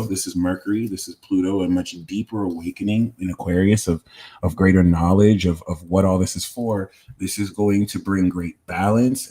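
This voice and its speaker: Deep-voiced man giving a casual tarot reading. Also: warm tone. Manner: casual, chats with viewers between readings. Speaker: tarot reader and host. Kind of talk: live-streamed tarot reading.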